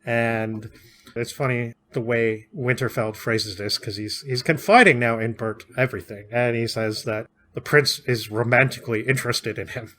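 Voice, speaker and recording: A man's voice: mid-range voice, moderate pace, pushed and bright. A man co-hosting a podcast, casually recapping and discussing a classic novel, chatty and often laughing. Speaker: podcast co-host.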